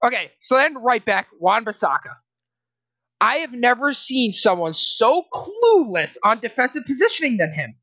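A man's voice: extremely high pitch, very animated, moderate pace, sharp tone, dry recording, muffled recording. A young man co-hosting a casual sports podcast, ranting in exasperation, laughing and restarting his sentences. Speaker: podcast co-host.

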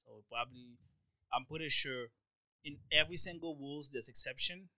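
A man's voice: mid-range voice, moderate pace, pushed and bright, no echo, low-quality recording. A man in a heated casual debate, pushing his point and repeating his questions.

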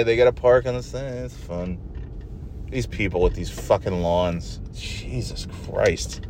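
A man's voice: mid-range voice, a little mellow. Male solo host, profane rambling rants, in-car recording with light engine hum. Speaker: podcast host.

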